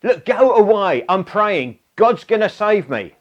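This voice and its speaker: A stubborn, exasperated man insisting he is praying and waving everyone off, as a preacher acts him out in a sermon story. His voice runs a bit high and grows loud and insistent. He sounds put out more than afraid. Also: very animated, measured pace, highs cut off. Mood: irritated.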